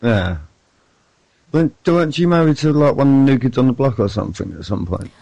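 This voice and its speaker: A man co-hosting a radio talk show, chatting in a relaxed, offhand way and swearing now and then. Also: mid-range voice, brisk, gravelly, no echo, lo-fi sound. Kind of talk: casual radio chat.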